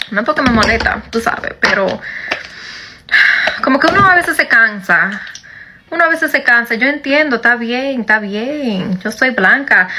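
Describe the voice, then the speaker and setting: A woman chatting casually to camera in an animated way, switching between two languages. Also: fairly high pitch, a little hiss or hum. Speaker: video creator.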